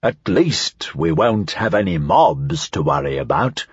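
A man's voice: low-pitched, sing-song, a little slow, breathy edge, no echo, dull audio, voice pushed down, full character voice. Cuthbertson, a man doing a plain-spoken traveller.

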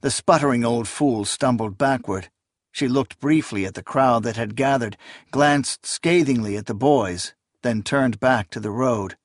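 A man narrating a story in measured, dramatic scripted narration. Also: medium pitch, no room sound, clean studio sound. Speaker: audiobook narrator.

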